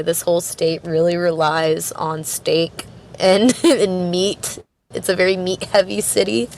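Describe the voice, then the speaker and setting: A lowish-voiced Canadian woman, a record store worker, guests on a podcast with a little hiss or hum in the audio. Her talk is a rambling, chatty interview, thick with fillers and laughter.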